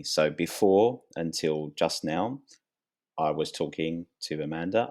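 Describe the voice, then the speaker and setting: A man teaching an English grammar lesson, speaking slowly and clearly and lifting his voice on questions. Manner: slow, clear and lively, rising pitch on questions.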